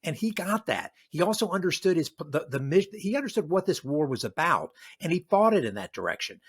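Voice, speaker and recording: This older man from the American South speaks in a slightly raised register and tells history with animated energy. He acts out quoted voices and often restarts his sentences. He sounds like a retired army general being interviewed on a podcast. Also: on the high side, fairly quick, husky.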